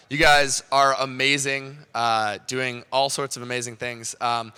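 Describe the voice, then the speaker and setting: A man's voice: mid-range voice, sharp tone, clear, resonant tone. A man announcing sponsor prizes to a crowd, hesitant and full of fillers. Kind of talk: speech to a crowd.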